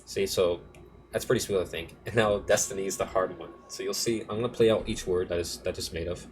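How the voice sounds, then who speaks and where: Speaking in a deep, steady voice at a fairly quick clip, a young producer casually explains his music project in a screen-recorded tutorial. He meanders and corrects himself offhandedly, and there's slight background noise.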